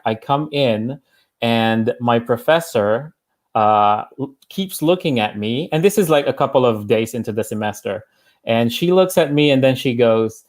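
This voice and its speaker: A man with an ordinary, mid-range voice talks through his ideas in a casual panel discussion. He pauses often, restarts his sentences and fills the gaps with fillers as he thinks aloud. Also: medium pitch. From United States. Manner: thoughtful, many fillers and restarts.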